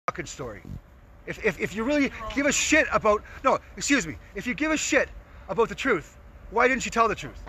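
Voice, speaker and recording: A man leaving an angry voice message, swearing, stammering, and breaking into shouts. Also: high-pitched, animated, a little fast, heavy background noise. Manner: furious, profane, stammering, bursts into shouting. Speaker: homeless encampment resident.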